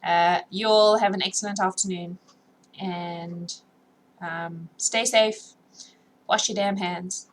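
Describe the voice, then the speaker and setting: A woman hosting a book-reading show, chatting casually in an easygoing way with frequent filler pauses as she signs off. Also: lowish voice, fairly even intonation, slight background noise, poor audio. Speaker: host reading a novel aloud. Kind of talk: casual sign-off chat.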